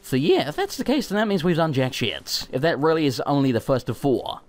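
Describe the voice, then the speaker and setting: A man giving excited gaming commentary, swearing and bursting out in panic as he plays. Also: fairly high pitch, a little fast. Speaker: let's play host.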